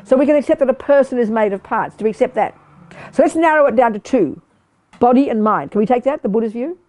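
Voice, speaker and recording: An older woman giving a lively Buddhist teaching to a live group, quizzing her listeners and talking bluntly and playfully. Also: a little high, fast talker. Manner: animated, questioning the audience, blunt and playful. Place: meditation study group hall.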